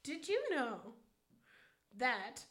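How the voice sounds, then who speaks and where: A woman co-hosting a podcast in casual comedic chat, animated and profane, laughing often and tossing in quick asides. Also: high-pitched. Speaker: podcast co-host.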